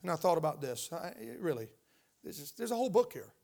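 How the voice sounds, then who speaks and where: An older male pastor preaching to his congregation in church. He speaks in a fairly high voice and keeps throwing questions out to the room, stressing his points. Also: sing-song, fast talker, creaky, darkish tone. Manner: emphatic, call-and-response questions to the congregation. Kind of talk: sermon. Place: church sanctuary.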